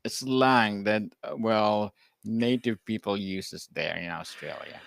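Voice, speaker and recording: Slow, halting podcast host, dry sound. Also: male voice, lowish voice, creaky, a bit bright, dry recording. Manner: halting, non-native English phrasing. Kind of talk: casual podcast interview.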